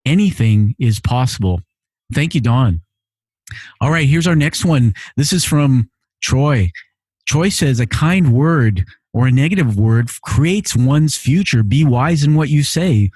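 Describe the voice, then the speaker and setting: A man's voice: medium pitch, animated, a little slow, a little mellow, breathy edge, no echo. A man hosting his podcast from a home studio, reading listener messages in an earnest, emotional way and often repeating phrases. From immigrant to Canada. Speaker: podcast host. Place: home living room studio.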